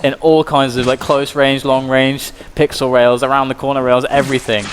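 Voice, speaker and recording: A man casting a live esports match, excitable and loud at big plays. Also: medium pitch, moderate pace, slight background noise. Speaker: esports caster. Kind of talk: live game commentary.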